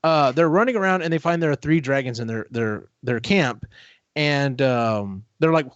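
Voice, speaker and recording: Animated man recapping a book. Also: on the high side, moderate pace, dry recording, muffled recording. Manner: animated storytelling, acts out quotes. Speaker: podcast host. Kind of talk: casual book discussion.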